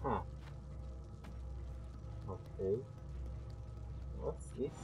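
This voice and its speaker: A man streaming a game, chatting casually with viewers, excitable with sudden yelps, his voice slightly muffled by a mask. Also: fairly low pitch, extremely slow, over loud music. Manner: excitable, greets chat viewers by name, bursts of yelps. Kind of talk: casual live-stream chat while gaming.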